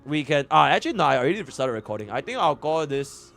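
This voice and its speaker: Brief: Singaporean male streamer, profane and excitable, very lively pitch, faint music underneath. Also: fast, gravelly. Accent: Singaporean English. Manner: profane, excitable, swings loud and quiet. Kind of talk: livestream game account review.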